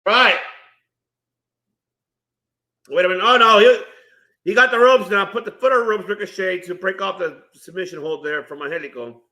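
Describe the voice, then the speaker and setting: A high-voiced man calling the action in an excitable watch-party stream, his bright, forceful tone bouncing around a roomy, echoey space. He breaks into loud reactions and greets chat viewers between moves. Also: a little fast. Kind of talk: live wrestling watch-along commentary. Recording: roomy echo.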